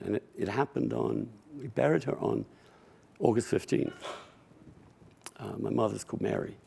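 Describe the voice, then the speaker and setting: A middle-aged Englishman, a guest speaker sharing wry, unhurried personal stories with soft laughs and frequent restarts. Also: lowish voice, gravelly, husky. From England. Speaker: guest speaker at a public conversation. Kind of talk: reflective personal storytelling.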